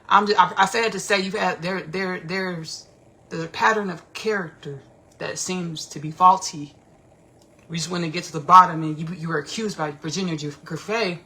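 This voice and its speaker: Gravelly, bright-voiced woman podcaster. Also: on the low side, slight background noise. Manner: animated, rambling, slangy, repeats herself. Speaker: podcast host. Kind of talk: casual livestream commentary.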